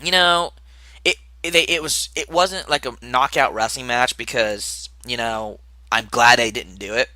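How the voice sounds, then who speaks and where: A man's voice: medium pitch, unhurried, sharp tone, no echo. A young man recapping a wrestling show in a casual, rambling podcast style, with asides and muttered remarks.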